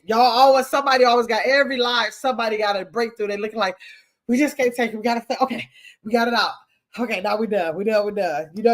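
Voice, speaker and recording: Chatty older woman reading live comments. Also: medium pitch. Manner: chatty, playful, reads viewer comments aloud. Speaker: livestream host. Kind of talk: casual livestream chat reading comments.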